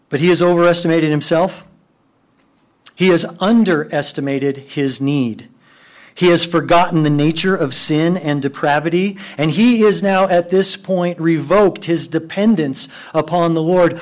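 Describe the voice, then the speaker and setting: A man preaching a sermon, moving between quiet, hushed passages and excited, raised outbursts. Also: fairly high pitch, a little slow. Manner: animated, swings from hushed to excited. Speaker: pastor.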